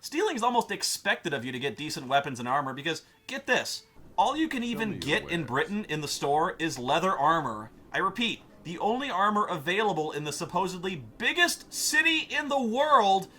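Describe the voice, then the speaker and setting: A man's voice: high voice, very animated, moderate pace, pushed and bright. A man narrating a comedic game review in a ranting, sarcastic, profane manner.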